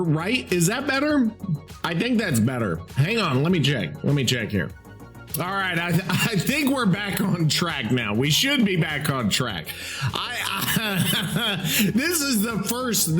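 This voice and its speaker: A man runs his podcast alone, ranting with exasperation and frequent swearing. His voice sits high and swings widely in pitch as he vents. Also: fairly bright tone. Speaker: podcast host. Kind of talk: solo podcast rant.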